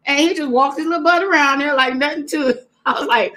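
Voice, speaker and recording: A woman hosting a casual livestream talk, greeting viewers by name and retelling a story with lively asides. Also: high voice, quick pace. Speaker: host.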